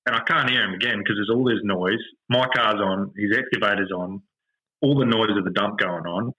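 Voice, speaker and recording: Aussie guy on a podcast, low husky voice, swearing his way thru a rant. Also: moderate pace, muffled recording. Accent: Australian. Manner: animated, exasperated ranting with heavy swearing. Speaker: podcast host. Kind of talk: casual storytelling chat.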